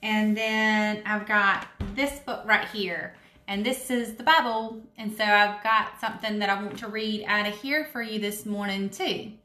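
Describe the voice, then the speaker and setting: Slow, bright-voiced woman talking to kids. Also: medium pitch, fairly even intonation, echoey room, slight background noise. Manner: gentle, chatty, with pauses and fillers. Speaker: children's story time host. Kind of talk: casual chat to children. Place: at home.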